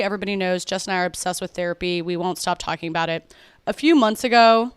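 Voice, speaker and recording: A woman in her thirties with a Washington DC accent, co-hosting a podcast in casual, animated chat, swearing freely and laughing often. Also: mid-range voice, clean tone, no echo. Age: 30s. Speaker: podcast co-host.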